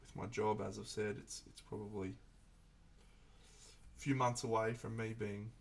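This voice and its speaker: Gravelly man musing on a live stream. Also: lowish voice, level tone, measured pace. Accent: Australian. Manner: reflective, rambling, frequent restarts. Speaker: streamer painting miniatures. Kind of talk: casual live-stream chat.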